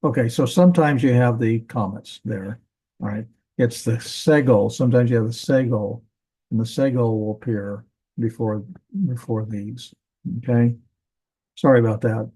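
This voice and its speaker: Mellow-voiced man teaching Hebrew grammar. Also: medium pitch, steady tone, moderate pace, husky, rough recording. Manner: casual, thinking aloud with self-corrections. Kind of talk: classroom grammar lesson.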